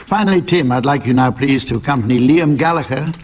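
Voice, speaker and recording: A man's voice: mid-range voice, fast talker, over a noisy crowd. A man chairing a radio comedy panel game, delivering dry, mock-grand scripted introductions. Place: radio studio before a live audience. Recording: loud audience laughter and noise.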